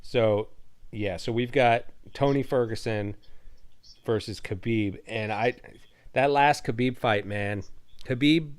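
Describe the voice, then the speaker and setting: A man's voice: mid-range voice, takes it slowly, clean tone. A man hosting a casual podcast chat about fights, rambling and enthusiastic, often restarting his sentences. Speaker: podcast host.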